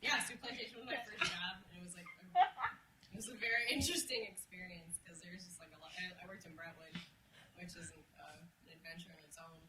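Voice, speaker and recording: A woman talks casually as an interview guest, loose and laughing, with a swear here and there. Her voice rings in an echoey room, and a clear background noise sits under it. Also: lowish voice, fast talker. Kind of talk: casual chat.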